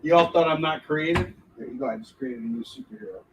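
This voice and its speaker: A gravelly, fast-talking man with a voice on the high side and big pitch swings answers questions on a casual livestream. He's a comic book artist who jokes, rambles and laughs often, captured on a distant mic with faint background noise.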